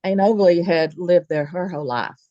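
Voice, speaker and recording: A woman's voice: fairly low pitch, moderate pace, warm tone, no echo. A woman tells a spooky personal story in a folksy, vivid way. The recording sounds dry and a little dull. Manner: vivid, folksy retelling with quoted dialogue. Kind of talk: personal story told casually.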